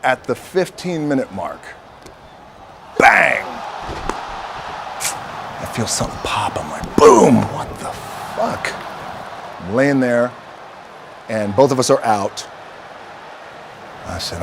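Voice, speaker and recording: A man with a fairly low voice shares a story with a group, easy and conversational and dropping the odd curse word. A faint hiss sits under the recording. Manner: relaxed, profane, conversational. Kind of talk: casual anecdote to a group.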